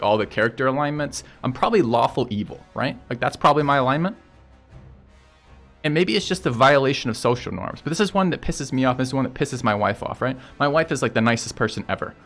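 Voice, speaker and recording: A man's voice: mid-range voice, fairly bright tone. Blunt, profane man ranting. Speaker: streamer. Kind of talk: casual stream chat.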